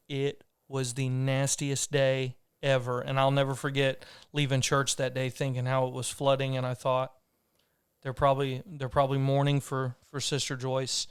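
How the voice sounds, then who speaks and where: A man's voice: medium pitch, smooth, dry recording. Man, podcast host, earnest rambling storyteller, dry close sound. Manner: earnest, rambling with restarts and fillers. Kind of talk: casual conversational storytelling.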